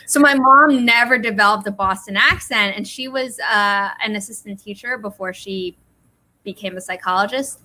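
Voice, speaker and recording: A woman's voice: medium pitch, normal speed. A woman from the United States hosting a casual chat, telling rambling stories. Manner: rambling, animated storyteller. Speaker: host.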